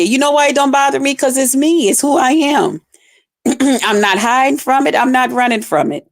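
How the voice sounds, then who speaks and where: A woman's voice: high-pitched, moderate pace. A woman hosting a livestream, ranting bluntly and profanely at her chat in a casual, fired-up way. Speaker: livestream host.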